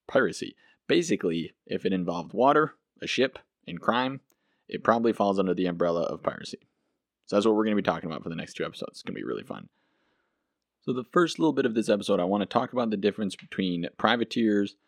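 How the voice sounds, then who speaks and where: A man's voice: sits low, dry recording, clean studio sound. A man hosting a casual solo history podcast, chatty and enthusiastic, with some self-deprecating asides. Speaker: podcast host.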